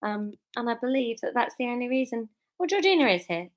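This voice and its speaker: A woman's voice: a little high, very animated, a little fast. A woman, a bit tipsy, chatting casually and giggling on a home livestream before reading her serial story aloud.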